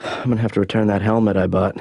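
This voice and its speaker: An actor playing an aimless, sarcastic young adult son in a cartoon, with a dry, mumbling, deadpan delivery. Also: male voice, lowish voice, fast, no room sound, close to an everyday voice. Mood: offhand. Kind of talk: cartoon voice acting.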